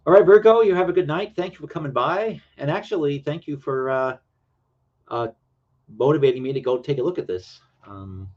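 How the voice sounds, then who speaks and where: A man's voice: on the high side, brisk, lo-fi sound. A man hosting a casual late-night livestream, talking in a rambling, hesitant way with many fillers. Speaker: livestream host.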